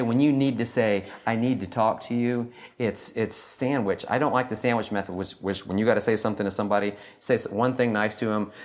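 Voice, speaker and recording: A middle-aged man with a fairly low voice gives a relaxed talk to a live audience. He is animated and self-deprecating, and often laughs at his own jokes. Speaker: teacher and speaker.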